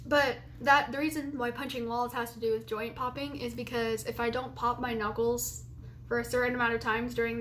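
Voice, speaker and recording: A woman's voice: fairly high pitch, a bit bright, a little hiss or hum. A woman in her late teens talking in a casual confessional vlog, rambling and chatty, laughing often between remarks. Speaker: vlogger.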